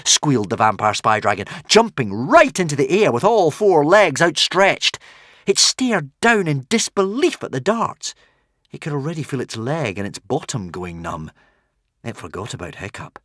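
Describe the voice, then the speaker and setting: A man reading a children's adventure audiobook with lively, dramatic expression and playful asides to the listener. His pitch rises and falls a great deal, and the recording is dry and close. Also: normal speed, dry recording. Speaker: audiobook narrator. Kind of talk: expressive storybook narration.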